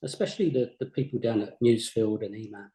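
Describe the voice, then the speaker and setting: An older man, a former games company boss, recalling his career in a modest, halting way, often repeating words. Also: lowish voice, warm tone. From England. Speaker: former games company CEO, interview guest. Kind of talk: reflective interview chat. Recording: roomy echo.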